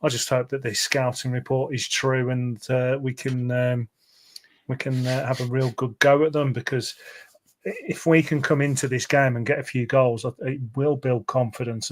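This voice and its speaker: A man in the Midlands co-hosting a football podcast, chatting casually and rambling with fillers and restarts. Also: mid-range voice. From English Midlands. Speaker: podcast co-host.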